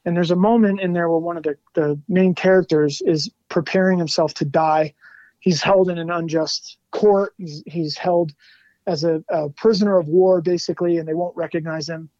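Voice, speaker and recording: A man guesting on an interview show, telling animated stories in a casual chat, laughing often and saying "like" a lot. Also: a little high, normal speed, no echo, dull audio. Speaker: guest musician.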